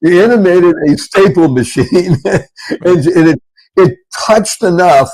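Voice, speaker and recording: Brief: male podcast host, somewhat high voice, enthusiastic and effusive. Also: lively intonation, slow pace, darkish tone, poor audio. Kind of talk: casual podcast chat.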